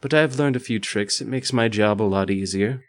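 A cold, predatory seductress, purring and smirking, untroubled by anything, read by a man in a low, near-natural voice. The sound is dry and close. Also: normal speed, no echo, natural voice. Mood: coolly taunting.

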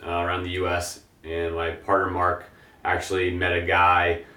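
A young man, a hemp grower, chatting casually as a guest in an interview, relaxed and rambling with lots of fillers. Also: low-pitched, normal speed. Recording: echoey room, distant mic.

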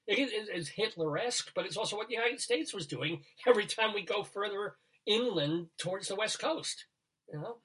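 A man's voice: high voice, expressive, normal speed, a bit bright, husky. A man hosting a talk show in casual chat, rambling from topic to topic and laughing at his own jokes. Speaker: radio show host.

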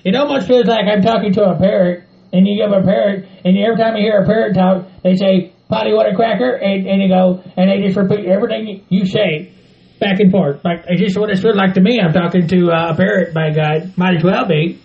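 A man's voice: high voice, steady tone, brisk, gravelly, roomy sound, dull audio. A man co-hosting a wrestling podcast, ranting in a crude, rambling, folksy way. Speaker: podcast co-host. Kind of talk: casual wrestling chat.

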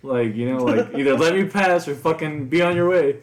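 A man's voice: fairly high pitch, brisk. A man telling a story in casual chat, swearing constantly as he goes. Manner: profane animated storyteller. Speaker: podcast co-host. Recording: echoey room.

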